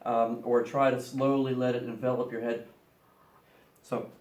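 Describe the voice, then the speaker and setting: A man's voice: mid-range voice, little pitch movement, unhurried, a little mellow, reverberant. A man teaching a class, playfully explaining each step of a science demonstration to students.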